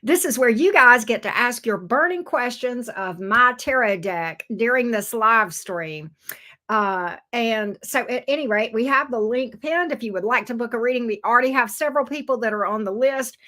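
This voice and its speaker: Bright-voiced woman reading tarot live. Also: on the high side, moderate pace. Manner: chatty, folksy, talks straight to viewers. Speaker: tarot reader, stream host.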